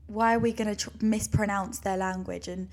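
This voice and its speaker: A woman's voice: medium pitch, fairly even intonation, a little fast, a little mellow. A young woman, co-hosting a casual podcast chat, talking in loose, trailing sentences. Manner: chatty, trails off and restarts. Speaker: podcast co-host.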